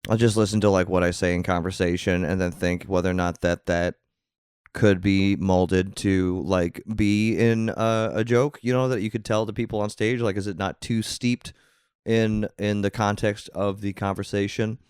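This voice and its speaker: Brief: congested comedian guest, very low smooth voice, dry close sound, unsure and rambling. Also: male voice, level tone, normal speed, a little mellow, dry recording. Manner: hesitant, self-doubting, rambling. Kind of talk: casual podcast chat.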